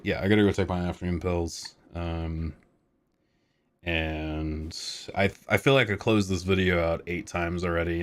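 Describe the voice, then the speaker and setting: Low-voiced rambling man streamer. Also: moderate pace. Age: 30s. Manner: rambling, laid-back, swears, self-deprecating. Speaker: live streamer. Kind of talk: casual live stream chat.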